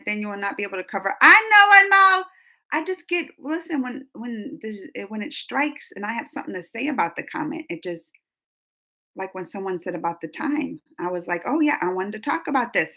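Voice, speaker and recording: A woman hosting a live-stream chat, reading viewer comments aloud and answering them in a lively, talkative way with frequent laughter. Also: a little high. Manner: animated and chatty, laughs often, gasps. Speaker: reaction channel host.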